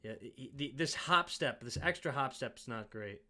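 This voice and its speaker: A man's voice: medium pitch, animated, moderate pace, bright, forceful tone. A man hosting a sports show, casually breaking down game film and thinking aloud with self-mocking asides.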